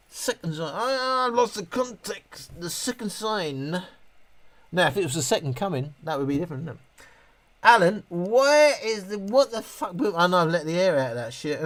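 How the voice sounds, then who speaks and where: A middle-aged man hosting a casual live stream, reading viewer comments and answering in a rambling way, full of restarts. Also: fairly high pitch. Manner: rambling, self-interrupting, with many restarts.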